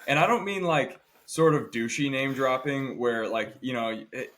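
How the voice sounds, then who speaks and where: A man co-hosting a casual podcast, telling stories in an animated way and mimicking the people he describes. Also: medium pitch, normal speed. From Indiana. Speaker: podcast co-host. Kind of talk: casual chat.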